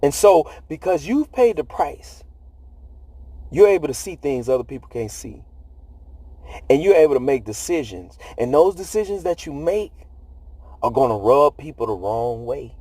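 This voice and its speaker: A man's voice: on the high side, lively intonation, normal speed, dark tone, dry recording. A man giving a preachy motivational talk in conversational, slangy speech, laughing often. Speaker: motivational speaker.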